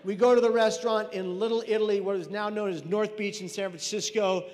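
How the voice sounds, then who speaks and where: A man's voice: high voice, a little fast. A man telling a comic personal story at a speaking event, acting out voices of the people in it. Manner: animated, comic, acts out voices of others. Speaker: mental health speaker. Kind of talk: storytelling keynote talk. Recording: reverberant hall.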